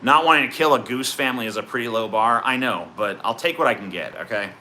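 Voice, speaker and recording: Sweary sarcastic man with a bright voice. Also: mid-range voice, fast, a little hiss or hum. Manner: profane, sarcastic, rambling. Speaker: streamer answering chat. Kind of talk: casual livestream chat.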